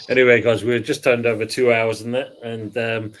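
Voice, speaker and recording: Cockney man hosting a football chat. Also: medium pitch. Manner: banter, reads out chat comments. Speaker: podcast host.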